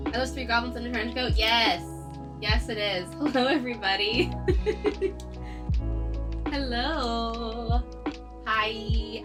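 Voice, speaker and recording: A woman's voice: on the high side, slow, pauses often, rough recording. A woman live-streaming as an artist, chatting casually and greeting viewers over and over, her nose stuffy from a cold. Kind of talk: casual livestream chat. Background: faint background music.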